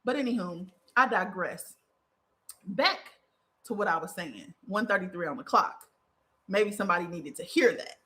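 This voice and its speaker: This young podcast host and spiritual advisor has a lowish, animated voice that is a bit bright and moves at a moderate pace. Hosting a talk show, she offers spiritual advice in a blunt, profane, heated monologue, emphatically mocking the people she quotes in mocking voices.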